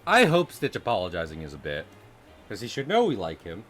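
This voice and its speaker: A man's voice: lowish voice, wildly swooping pitch, a little fast, fairly bright tone, faint music behind. A man streaming while he draws, chatting casually with viewers in a playful, joking way and laughing often. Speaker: live streamer and artist. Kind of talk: casual live-stream chat while drawing.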